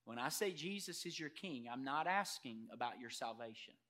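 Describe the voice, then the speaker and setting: A man preaching a sermon as pastor, emphatic, swinging from loud declarations to quiet earnest asides and putting questions straight to the congregation. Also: mid-range voice, animated, moderate pace. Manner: addresses congregation directly with rhetorical questions.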